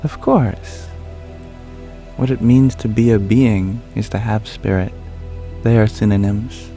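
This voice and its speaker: A man speaking softly and calmly as an ASMR livestream host, answering viewer questions. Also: fairly low pitch, slow pace, faint music behind. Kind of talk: soft-spoken ASMR livestream chat.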